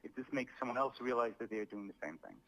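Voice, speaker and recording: Bright-voiced man reading a scripted apology. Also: medium pitch, expressive, rough recording. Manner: deliberate, stresses words as if acting. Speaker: comedian making an apology video.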